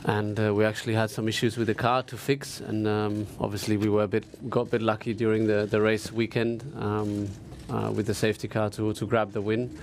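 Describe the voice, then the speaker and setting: A racing driver answering press conference questions, hesitant and full of fillers. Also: male voice, on the low side, little pitch movement, brisk, hardly any pauses, a little hiss or hum.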